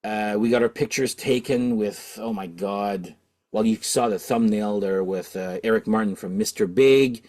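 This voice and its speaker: With a lowish, slightly mellow voice at a normal speed, the Canadian record-collecting host, a middle-aged man, rambles through a casual story. He restarts often and uses lots of fillers.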